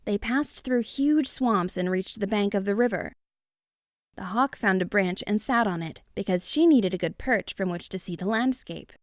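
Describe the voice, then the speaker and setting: Storybook narrator, woman, lively and expressive, dry close recording. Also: medium pitch, normal speed, no room sound. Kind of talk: children's story reading.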